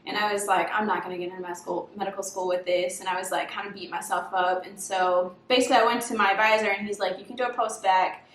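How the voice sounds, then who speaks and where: A woman's voice: mid-range voice, fairly even intonation, fast talker, few pauses, fairly bright tone, a little hiss or hum. A woman in her twenties, a medical student chatting casually with friends and acting out her own past remarks as she tells stories. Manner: chatty storyteller who acts out her own past quotes. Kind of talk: casual chat. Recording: echoey room.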